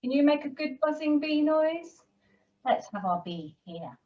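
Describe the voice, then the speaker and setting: A woman leads a children's yoga class, giving gentle, encouraging instructions. She speaks slowly in a slightly high voice. The sound is distant and dull, as if picked up from across a room. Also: big pitch swings. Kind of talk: guiding a kids' yoga class.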